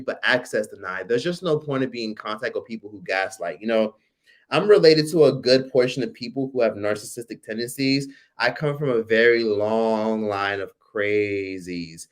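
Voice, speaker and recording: A man in his forties hosting a casual livestream, telling a personal story with animated, profane delivery and reading viewer comments aloud. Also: mid-range voice. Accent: American. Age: 40s. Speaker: livestream host.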